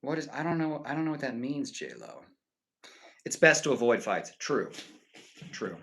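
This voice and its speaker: A young man chatting casually with his stream viewers and rambling through animated stories full of fillers. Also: mid-range voice, normal speed, vocal fry, low-quality recording. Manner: rambling, animated storytelling full of "like" and "you know".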